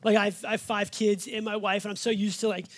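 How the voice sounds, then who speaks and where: The sermon comes from a pastor with five kids, whose voice is high-pitched and level in tone. His delivery is folksy and chatty, though he slows down to stress the verses he reads.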